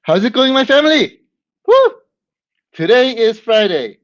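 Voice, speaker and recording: A man hosting a live stream, whooping and greeting viewers by name with lots of excitement. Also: very high voice, normal speed, no room sound. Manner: hyped, whooping, warm greetings to chat. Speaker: livestream host. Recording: dull lo-fi stream audio.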